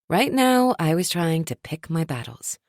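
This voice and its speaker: A woman reads a first-person romance audiobook with wry, expressive storytelling. Her voice sits a little low but swings widely in pitch. The recording is dry and close. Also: a little slow, dry recording. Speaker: audiobook narrator.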